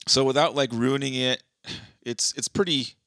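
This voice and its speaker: A man's voice: mid-range voice, normal speed, a bit bright, no echo, clean studio sound. A young man co-hosting a podcast, chatting loosely and rambling, with plenty of swearing. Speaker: podcast co-host. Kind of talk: casual chat.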